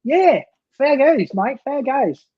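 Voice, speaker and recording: A man's voice: extremely high pitch, animated, slow pace, dry recording, dull audio. Chatty, jokey man on a fan stream. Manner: chatty, jokey, drops in slang. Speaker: co-host of a football fan stream. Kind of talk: casual live stream reaction chat.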